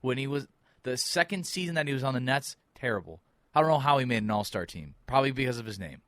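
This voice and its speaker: A man's voice: medium pitch, lively intonation, fast, a bit bright, no echo, clean studio sound. Ranting man on a sports podcast. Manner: ranting, exasperated, mimics players in quotes. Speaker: podcast co-host. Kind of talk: heated sports talk.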